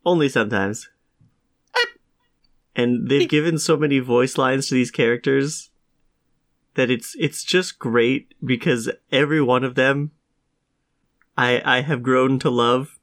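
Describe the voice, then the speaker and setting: A man's voice: mid-range voice, measured pace, pauses often, fairly bright tone. A man co-hosting a casual podcast chat, sick with a cough, telling stories in a dry, wry way. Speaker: podcast co-host.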